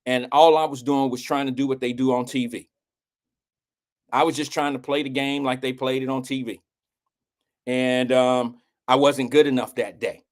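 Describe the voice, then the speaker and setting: Middle-aged guy hosting, telling a story, swears a lot, does the voices of people he quotes. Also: normal speed. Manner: animated, acts out quotes with swings in pitch; blunt, swears casually. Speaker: host. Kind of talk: casual storytelling.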